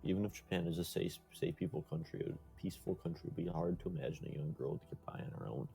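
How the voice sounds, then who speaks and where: Deep gravelly man reading a game aloud. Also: warm tone, soft background music. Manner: laid-back, halting with many "uh"s. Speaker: streamer reading a visual novel aloud. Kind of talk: casual chat and reading aloud.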